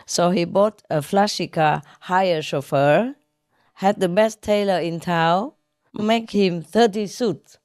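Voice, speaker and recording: A woman telling jokes in a casual way. She laughs often at her own jokes, explains the punchlines, and pauses with hesitant fillers. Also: fairly low pitch, a little mellow, no room sound, studio quality.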